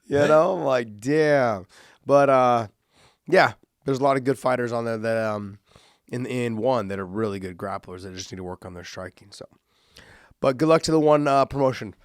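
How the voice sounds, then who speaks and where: A man's voice: medium pitch, moderate pace, dry recording, studio quality. A man co-hosting a podcast in casual chat, rambling and hesitant with many fillers. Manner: rambling, hesitant, lots of ums and likes. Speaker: podcast co-host.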